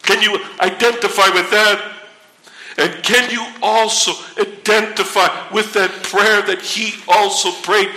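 A man preaching a sermon in an earnest, pleading way, asking the listener direct questions and slowing to a solemn pace for scripture. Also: sits high, fairly even intonation, bright, forceful tone, reverberant, low-quality recording.

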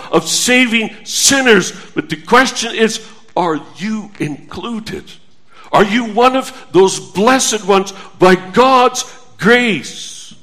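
A male pastor preaching a sermon to his congregation, slow and emphatic, quoting scripture. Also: high voice, a bit bright.

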